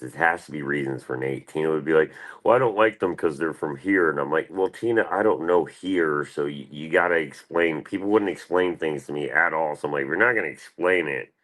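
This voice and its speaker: A man's voice: rumbling low, fairly bright tone. A man hosting a casual livestream, rambling and swearing as he answers chat. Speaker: livestream host.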